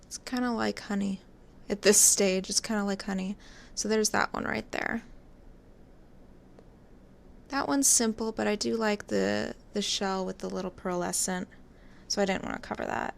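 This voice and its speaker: A woman with a strongly gravelly, fry-heavy voice talks through her craft project in a relaxed, chatty way. She narrates each step as she works, casual and unscripted, at a middling pitch. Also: moderate pace, pauses often, slight background noise. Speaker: resin artist.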